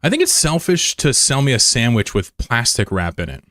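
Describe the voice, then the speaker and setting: A young man telling a story in casual, self-mocking chat, animated as he retells it. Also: mid-range voice, moderate pace, no room sound, clean studio sound. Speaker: streamer. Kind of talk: casual storytelling while gaming.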